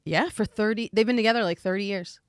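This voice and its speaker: A woman co-hosting a podcast in casual chat, telling an animated story, acting out quotes, with quick asides and swearing. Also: medium pitch, dry recording, clean studio sound. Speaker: podcast co-host.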